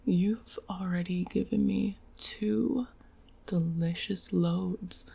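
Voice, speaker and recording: A woman voicing a needy, teasing female succubus in a whispered role-play, with a breathy, coaxing whisper and soft moans. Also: mid-range voice, exaggerated voice.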